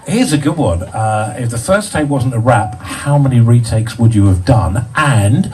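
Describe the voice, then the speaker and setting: A man reading audience questions at a live show in a smooth radio-presenter manner. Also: medium pitch, animated, moderate pace, a little mellow, far from the mic.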